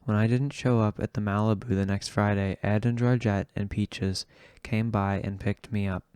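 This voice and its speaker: Low, even-voiced man reading an audiobook. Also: smooth, no room sound. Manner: slow, measured reading. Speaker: audiobook reader. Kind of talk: audiobook narration.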